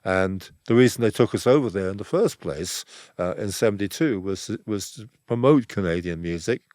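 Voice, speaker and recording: An older man, a photographer guesting on an interview, telling stories in a relaxed, rambling way and acting out the dialogue he quotes. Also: on the low side, moderate pace, no room sound, studio quality. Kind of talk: relaxed anecdotal storytelling.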